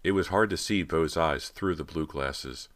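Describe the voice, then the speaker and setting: A man narrating a horror audiobook in a steady, measured storytelling manner. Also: rumbling low.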